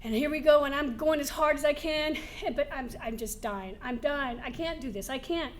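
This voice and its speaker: A woman giving a keynote speech to a live audience, telling lively personal stories, laughing now and then and acting out the scenes. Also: high-pitched, moderate pace, a little hiss or hum. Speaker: motivational speaker. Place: event hall before a live audience.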